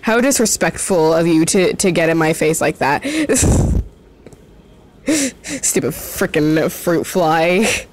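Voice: mid-range voice, lively intonation, takes it slowly, long pauses, a little hiss or hum. A teenager giving casual, giggly commentary while drawing, self-mocking and swearing often, often trailing off and starting over. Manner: rambling, trails off and restarts often. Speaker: drawing vlogger.

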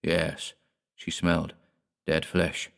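A man's voice: a bass voice, level tone, takes it slowly, gravelly, full character voice. A man voicing a stern, commanding grown son in an audiobook, firm and gloomy. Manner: firm, brooks no argument.

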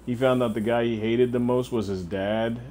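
A man's voice: medium pitch, fairly even intonation, normal speed, mellow, a little hiss or hum. Profane young man streaming a game. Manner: casual and profane, answering chat. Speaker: livestreamer. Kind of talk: casual gameplay chat.

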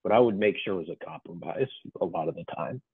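Husky man on a tinny call line. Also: sits low, fast, no echo. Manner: relaxed, filler-heavy talk. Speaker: former coaching client, guest. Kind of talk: casual podcast chat.

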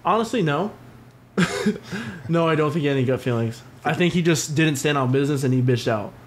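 A man's voice: on the high side, fairly quick, a little hiss or hum. A man co-hosting a podcast in casual chat, telling stories with plenty of profanity. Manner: profane, animated storytelling. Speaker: podcast co-host.

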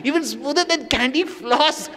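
A man voicing a bold, childlike young woman devotee who pleads in a high, coaxing voice. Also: normal speed, bright, forceful tone. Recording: long hall reverb.

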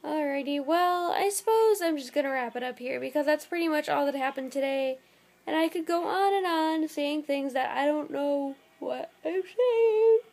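A woman's voice: sits high, normal speed, gravelly, a little mellow. A young woman vlogging at home at night, very tired and yawning, rambling in a scattered way. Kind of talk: casual vlog to camera.

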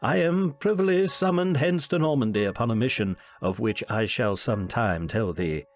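A man's voice: medium pitch, expressive, normal speed, faint music behind, lightly acted. A man voicing a fearful young huntsman, earnest and pleading in archaic speech.

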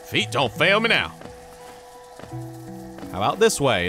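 A young man giving casual, goofy let's play commentary, excitedly talking to the game's characters. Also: medium pitch, a little slow, long pauses. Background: game music.

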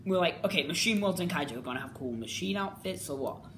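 A woman rants through a casual review, exasperated and repetitive. Her voice leaps and dips in pitch, moving from loud cries to grumbling mutters. The sound is roomy and echoey, with a faint hiss of background noise. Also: lively intonation, quick pace. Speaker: vlogger reviewing a TV series. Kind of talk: ranting casual commentary.

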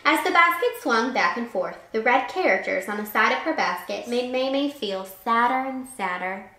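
A teacher reads a picture book aloud to children, her voice on the high side and her speed normal. She tells the story in an expressive, animated way, dropping in little asides. The room gives the recording a roomy echo.

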